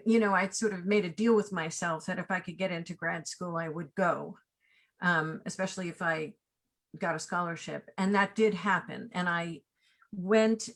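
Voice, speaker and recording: A woman in her sixties, a casting director being interviewed, who tells personal stories in an animated, rambling way full of asides and tag questions. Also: lowish voice. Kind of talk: remote interview, personal storytelling.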